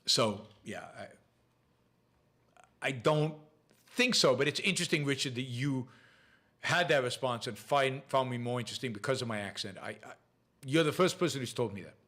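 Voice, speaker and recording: A man's voice: mid-range voice, lively intonation, normal speed, pauses often, sharp tone. A man with a noticeable accent hosting a casual question-and-answer show, reading viewer questions aloud and answering them with frequent restarts and fillers. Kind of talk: casual live Q&A talk.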